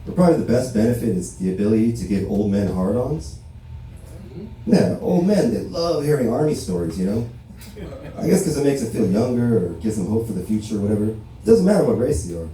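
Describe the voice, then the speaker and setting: A man's voice: lowish voice, very animated, a little fast, mellow, a little hiss or hum. A man from Los Angeles doing a casual, profane stand-up set, telling stories and tagging lines with "right?". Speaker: stand-up comedian. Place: barbershop comedy show. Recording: very echoey room, mic far away.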